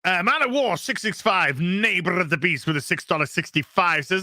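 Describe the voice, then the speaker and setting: A man's voice: sits high, moderate pace, hardly any pauses, bright, forceful tone, no room sound, clean studio sound. A man hosting a casual live stream, reading out donations and thanking viewers in a loose, crude, jokey way.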